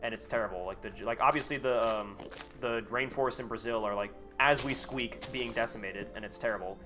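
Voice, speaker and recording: A man's voice: mid-range voice, brisk, music in the background. A man talking casually to his chat on a live gaming stream, rambling, sarcastic and freely profane.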